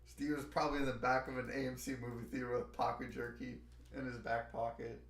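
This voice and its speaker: A man chatting casually on a stream, teasing his friend with quick questions. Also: medium pitch, little pitch movement, echoey room. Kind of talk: casual chat.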